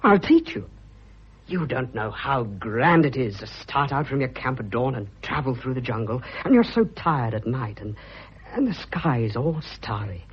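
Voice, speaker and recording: An actor as a bluff, fervent young suitor. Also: male voice, mid-range voice, animated, normal speed, slightly rough. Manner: bluff, fervent, stammering when moved. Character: eager young male suitor, blunt and boyish. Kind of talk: vintage radio drama acting. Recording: dull lo-fi old radio recording.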